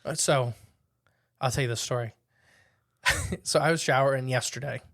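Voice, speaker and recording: In studio-quality audio with no echo, a young man hosts a casual podcast in a gravelly, medium-pitched voice at a moderate pace. He tells stories with animation, laughing as he goes, and reads listener accounts aloud.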